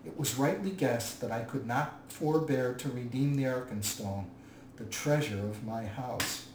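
Man doing a furious proud dwarf king, loud, roomy distant recording, light hiss. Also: medium pitch, lightly acted. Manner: loud, raging shouts. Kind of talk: audiobook reading.

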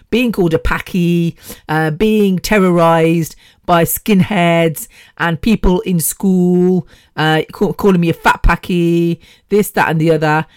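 A woman's voice: lowish voice, darkish tone, no room sound, studio quality. A woman in her fifties hosting a podcast alone, rambling and chatty with the odd swear word. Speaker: podcast host. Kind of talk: casual solo podcast chat.

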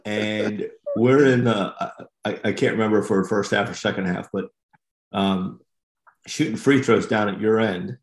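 A man's voice: on the low side, normal speed, roomy sound, low-quality recording. A man, a basketball referee and podcast host, telling a story in casual chat, rambling and making fun of himself. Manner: rambling with restarts, self-mocking.

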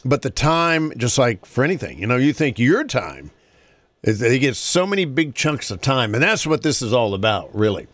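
A man's voice: medium pitch, big pitch swings, normal speed, a bit bright, no room sound. A man hosting a talk show, reading a moving story aloud and then chatting earnestly about helping caregivers. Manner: earnest, conversational.

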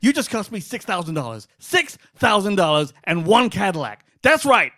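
A man doing an impression of a furious male salesman who yells crude threats. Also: high-pitched, sing-song, moderate pace, dry recording, studio quality, pitched above the performer's own voice, heavily acted. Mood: enraged.

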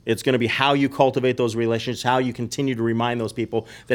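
A real estate investor guesting on a podcast talks fast with hardly any pauses, his medium-pitched voice barely moving in pitch. In casual conversation he explains things emphatically, repeating his key points.

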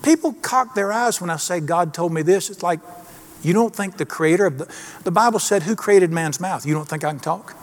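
A middle-aged pastor preaches in a brisk, high-pitched voice. His style is folksy and emphatic, and he puts questions to the congregation.

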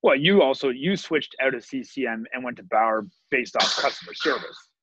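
A man's voice: medium pitch, expressive, brisk, noisy background. Easygoing man hosting, slightly lo-fi. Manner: easygoing, joking moderator. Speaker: podcast host reading viewer questions. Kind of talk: casual podcast chat. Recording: dull lo-fi dry sound.

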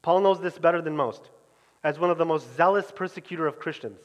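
A man preaching in an earnest, emphatic way, his voice sitting a little high for a man. His phrase endings sink to near quiet. A long reverb from the church hall trails each line. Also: a little fast. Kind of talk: sermon.

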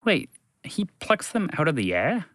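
A man playing a bunch of curious, nitpicking kids who pester the storyteller with endless questions, pitched up high. The voices bounce around with lively inflection, in a dry, close recording. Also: moderate pace, no room sound. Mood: questioning.

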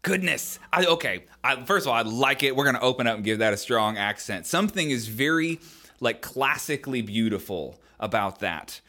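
A man's voice: medium pitch, animated, moderate pace, pushed and bright. A man co-hosting a podcast, talking casually and rambling with many fillers and hedges. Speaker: podcast co-host.

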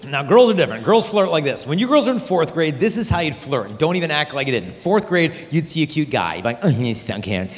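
Animated man speaking in a reverberant hall. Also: on the high side, fairly quick, few pauses. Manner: animated, acts out quoted voices. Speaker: Catholic speaker. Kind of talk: youth conference talk. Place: large conference hall. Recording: hall reverb from a large venue.

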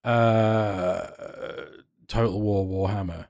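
A man's voice: lowish voice, fairly even intonation, slow pace, darkish tone, no room sound, clean studio sound. A man co-hosting a casual gaming chat, easygoing and a little hesitant, often trailing off.

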